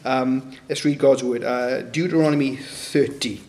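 A man's voice: medium pitch, fairly even intonation, measured pace, darkish tone. A man preaching a sermon in a conversational way, asking rhetorical questions and acting out the voices he quotes. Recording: echoey room.

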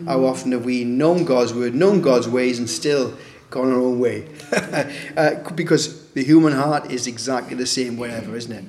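A man's voice: mid-range voice, moderate pace, a little mellow. A man preaching a sermon in a conversational way, asking rhetorical questions and acting out the voices he quotes. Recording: echoey room.

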